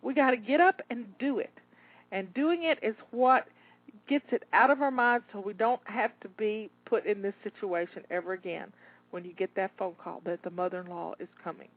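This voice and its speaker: A woman's voice: mid-range voice, normal speed, dry recording. A woman coaching listeners through a timed cleaning session, rallying and encouraging them, a bit out of breath. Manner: encouraging, rallying, repeats herself. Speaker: home organizing coach. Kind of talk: live cleaning coaching talk. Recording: tinny phone-like dry audio.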